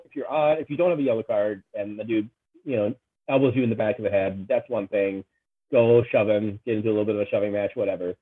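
A man co-hosting a casual sports podcast, relaxed and a bit hesitant, with lots of fillers. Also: mid-range voice, slightly rough. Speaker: podcast co-host. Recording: tinny phone-like line.

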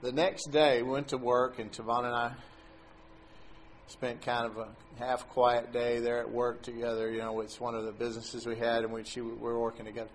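A middle-aged man recounts a personal faith experience in a relaxed, conversational way. His voice sits at an ordinary pitch and often lifts high when he acts out the people in his story. He laughs now and then as he talks. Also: normal speed, a little hiss or hum. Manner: animated storyteller who laughs as he tells it. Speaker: guest telling a faith testimony. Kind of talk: casual spoken testimony.

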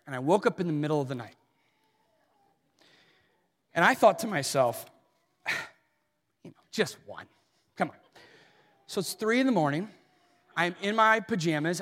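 A man preaching a sermon as pastor, telling funny self-deprecating stories in an animated way. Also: fairly high pitch, big-room sound. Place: church auditorium.

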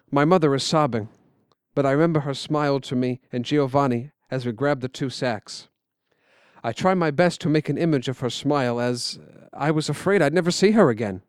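A man with a somewhat high voice narrates a scripted story. He speaks in a quiet, measured way. The recording is dry and close. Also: no room sound.

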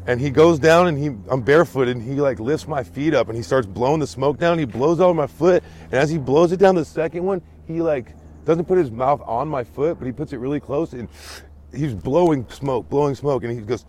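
A man casually telling a story to friends in an animated, profane, emphatic way. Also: a little high, a little fast, slight background noise. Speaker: storyteller in a group chat.

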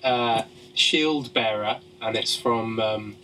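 A man's voice: lowish voice, slow pace, bright, forceful tone, far from the mic, slight background noise. A man co-hosting a podcast in casual chat, hesitant and full of ums. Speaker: podcast co-host.

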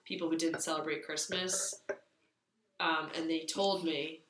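A woman's voice: sits low, steady tone, unhurried, echoey room, background noise. A young woman in her twenties co-hosting a casual chat, telling rambling stories with lots of fillers. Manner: rambling storyteller, many fillers. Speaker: podcast co-host.

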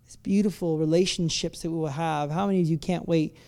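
Preaching in church during a service, this pastor alternates between hushed, reflective passages and loud, emphatic outbursts, frequently restarting words and slipping in playful asides. The voice is mid-range and a little fast, with fairly even intonation.

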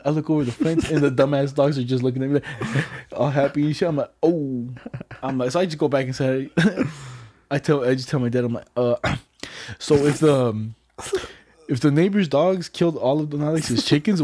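Young man, casual chat, slangy storyteller, mellow tone. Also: mid-range voice, fairly quick, breathy edge. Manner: slangy storytelling, laughs often.

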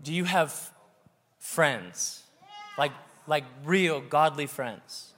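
A man preaching a sermon to a congregation, animated and joking with the audience. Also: fairly high pitch, very slow. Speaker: pastor. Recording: long reverb of a large hall.

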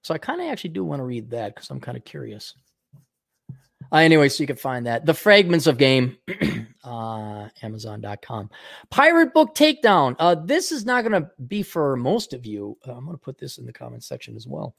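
A man's voice: medium pitch, very animated, moderate pace, creaky, fairly bright tone, no echo, studio quality. A man hosting his own talk show, ranting sarcastically and profanely, rambling with frequent restarts. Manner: sarcastic, profane, mocking voices. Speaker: podcast host.

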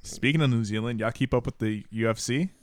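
A man's voice: medium pitch, brisk, dry recording. A man hosting a podcast, telling stories in a rambling way, full of "like" and casual swearing.

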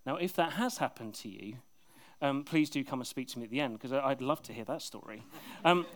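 A man preaching a sermon in a conversational, lively way and reading scripture aloud. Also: mid-range voice, a little fast.

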